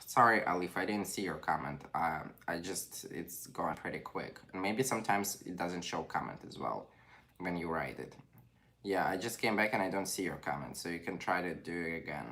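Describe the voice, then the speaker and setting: A young man with a Ukrainian accent hosts a relaxed livestream, reading viewer greetings aloud. His voice sits low, and his phrasing is loose and non-native. He keeps up a steady stream of casual chat. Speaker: livestream host.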